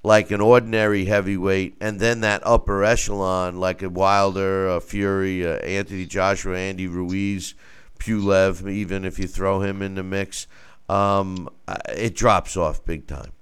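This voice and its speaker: A man talking boxing on a show as a guest, animated, with stammering restarts. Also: deep voice, a little slow, smooth. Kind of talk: casual boxing talk.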